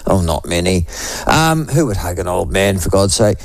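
A man in his sixties with a New Zealand accent, hosting a talk radio show with a voice hoarse from a cold, rambling and chatty with many restarts. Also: low-pitched, very animated, moderate pace, dry recording. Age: 60s. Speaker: radio host. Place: radio studio.

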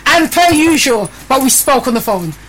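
A woman's voice: high-pitched, very animated, moderate pace, a bit bright, soft background music. A woman hosting a live radio show, chatting in a bossy, teasing way full of slang. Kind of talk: casual live radio chat.

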